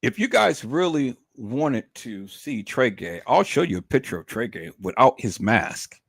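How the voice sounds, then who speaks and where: Slow, mocking man ranting on a livestream. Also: medium pitch, sing-song, creaky, breathy edge, no room sound, clean studio sound. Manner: profane, mocking, repetitive. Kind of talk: livestream rant.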